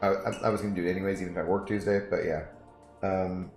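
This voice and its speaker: A man's voice: deep voice, little pitch movement, fast talker, darkish tone. A man streaming a game, chatting casually to his viewers in a rambling way with frequent fillers. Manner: rambling, talks to chat with fillers. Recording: echoey room, faint music.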